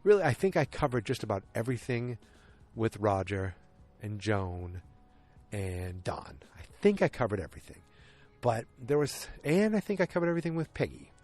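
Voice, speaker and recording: A man's voice: mid-range voice, moderate pace. A man hosting a solo podcast, recapping episodes in a loose, rambling way and often correcting himself mid-sentence. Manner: rambling, frequent self-corrections and restarts; animated when retelling scenes. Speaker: podcast host.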